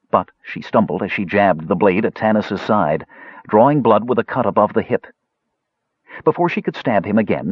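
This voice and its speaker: A man narrates a fantasy audiobook with a low, husky voice. His reading is measured but lively in pitch. The recording is dry and dull, like lo-fi audio. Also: dry recording. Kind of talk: scripted narration.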